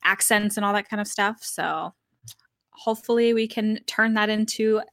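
A woman co-hosting a podcast in relaxed, chatty talk with fillers and light laughs. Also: medium pitch, moderate pace, no room sound, studio quality. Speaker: podcast co-host. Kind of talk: casual podcast chat.

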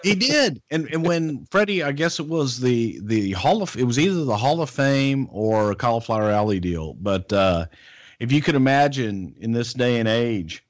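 A middle-aged man telling wrestling stories on a podcast in a casual, animated way. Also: moderate pace, no echo, studio quality. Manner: animated, jumps into high impressions of others. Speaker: guest, wrestling personality.

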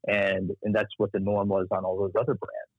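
This guest is a man from Texas with a matching accent who recounts his marketing career in a relaxed interview, bringing quoted voices to life as an animated storyteller. He talks a little fast in a lowish, breathy voice, with no room sound over a tinny, phone-like line.

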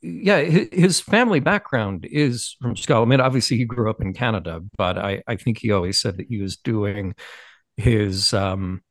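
A man joining a podcast chat who tells thoughtful anecdotes, often pausing and restarting his sentences. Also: lowish voice, lively intonation, no echo, studio quality. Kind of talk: casual chat.

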